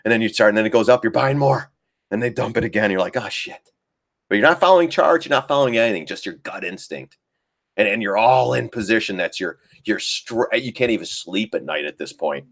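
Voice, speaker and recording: A gravelly, expressive man with a fairly low pitch talks fast. On his live trading stream he goes over charts casually, laughs often, and mimics panicking traders, giving laid-back live commentary on the markets.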